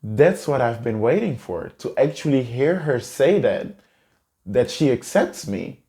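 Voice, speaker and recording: A man's voice: mid-range voice, lively intonation, measured pace, mellow. A man earnestly and emotionally telling a personal story to camera in a vlog. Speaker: vlogger.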